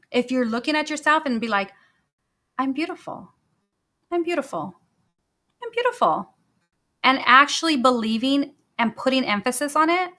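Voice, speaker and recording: In her solo motivational podcast, this host talks with energy and emphasis, circling back to her key phrases again and again. Her voice is high, pushed and bright.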